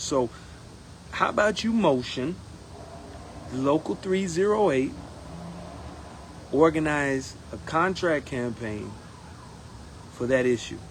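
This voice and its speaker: A man speaking in a casual campaign monologue as a union steward, animated and acting out others in quotes. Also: fairly high pitch, slight background noise, low-quality recording. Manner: animated, acts out members' voices in quotes. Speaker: union steward running for president.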